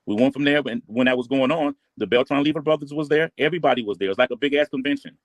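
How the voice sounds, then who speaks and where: A man's voice: medium pitch, very fast, dry recording. A man telling his past in a blunt, profane, casual way. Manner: blunt, profane street talk. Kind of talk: casual storytelling.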